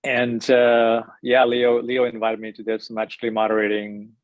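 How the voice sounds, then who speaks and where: A man from India, introducing himself haltingly on a video call. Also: mid-range voice, completely flat delivery, no room sound, phone-quality sound. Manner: halting, many fillers and restarts. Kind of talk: casual self-introduction.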